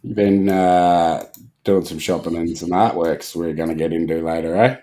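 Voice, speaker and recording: Swearing podcast host. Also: male voice, low-pitched, fairly even intonation, moderate pace, mellow. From Australia. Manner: swears freely, laughs often. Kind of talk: casual podcast chat.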